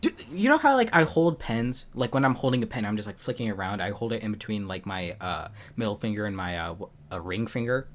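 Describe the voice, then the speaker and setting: A young man co-hosting a casual live stream chat, telling jokey stories in an animated way. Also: lowish voice, brisk, hardly any pauses. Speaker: podcast co-host.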